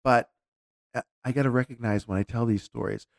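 Man, low and gravelly, dry close mic; candid, reflective storyteller. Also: fairly even intonation, fairly quick, no room sound. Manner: candid, reflective, with frequent restarts. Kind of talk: casual conversational storytelling.

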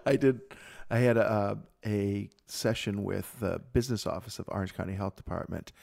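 A man co-hosting a podcast, chatting casually and telling animated stories with frequent laughter. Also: lowish voice, normal speed, creaky. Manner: animated storyteller, laughs often. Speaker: podcast co-host. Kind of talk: casual chat.

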